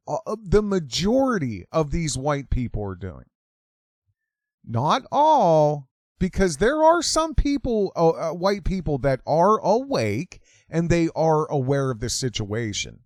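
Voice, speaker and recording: A male talk host ranting in a sarcastic, opinionated monologue. His voice sits somewhat high and swings widely in pitch, and he takes his time over the words. The sound is close and dry. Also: dry recording.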